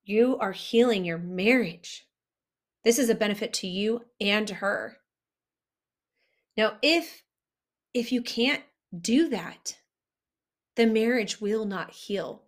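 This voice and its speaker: A woman's voice: medium pitch, slow, long pauses. A woman coaching couples, talking earnestly and directly to the listener about healing a marriage. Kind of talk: direct-to-camera advice talk.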